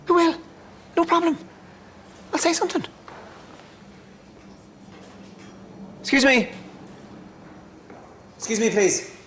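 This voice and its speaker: A man's voice: extremely high pitch, expressive, measured pace, a bit bright, slight background noise, exaggerated voice. An actor playing a mild-mannered, middle-aged sitcom father who gets flustered, hesitant and defensive. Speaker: sitcom character, family father. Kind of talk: sitcom acting.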